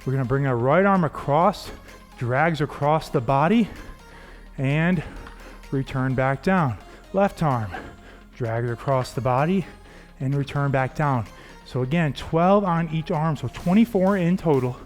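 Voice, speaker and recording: A man with a slightly higher voice coaches a home workout, steady and encouraging as he calls out form cues and counts reps. Soft music plays faintly underneath. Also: unhurried. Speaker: fitness coach.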